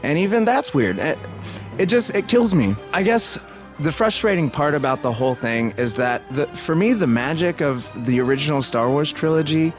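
A man's voice: fairly high pitch, expressive, normal speed, music in the background. A man giving casual film commentary, thinking aloud and digressing with many restarts.

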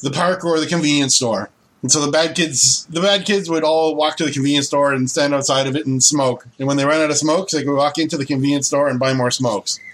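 A man's voice: a little high, fairly even intonation, a little fast, a bit bright, low-quality recording. A man from the Toronto area, hosting a casual podcast and telling rambling stories with frequent laughs. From Toronto area, Canada. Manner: rambling storyteller, laughs often. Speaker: podcast host.

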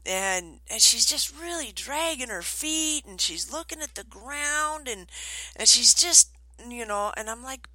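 A middle-aged woman trainer telling stories in an animated way, acting out the voices she quotes. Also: a little high, unhurried, no room sound, rough recording. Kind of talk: storytelling talk.

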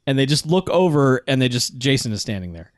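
A man's voice: medium pitch, brisk, no room sound, clean studio sound. Man animatedly recapping a movie. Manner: lively recapping, acting out scenes. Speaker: podcast co-host. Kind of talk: casual film discussion.

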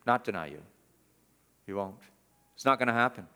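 A middle-aged male pastor preaching verse by verse, swinging from loud emphatic peaks to low, quiet asides. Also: moderate pace, pauses often, smooth. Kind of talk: expository sermon.

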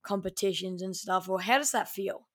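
A woman's voice: mid-range voice, moderate pace. A woman hosting a podcast interview, enthusiastic and effusive, often restarting her sentences. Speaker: podcast host. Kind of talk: casual interview.

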